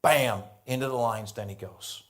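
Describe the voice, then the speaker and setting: American male pastor, lively sermon storyteller, mid-pitched voice. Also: normal speed. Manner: animated storytelling, acts out biblical dialogue.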